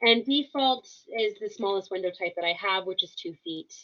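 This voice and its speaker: Woman, tutorial instructor, upbeat, steady mid-pitched voice, frequent check-ins, slightly muffled lo-fi mic. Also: normal speed. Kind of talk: screen-share tutorial narration.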